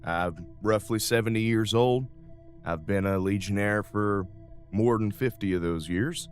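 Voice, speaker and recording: Genial, folksy captain in his seventies, as a man voices him; low, rambling. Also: measured pace, soft background music, lightly acted. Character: old male starship captain, genial and rambling.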